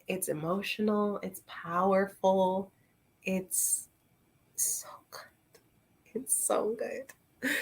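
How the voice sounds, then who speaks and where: A woman's voice: medium pitch, a bit bright. A woman chatting casually about books on a livestream, laughing often and answering her viewers. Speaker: book reviewer. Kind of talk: casual livestream book chat.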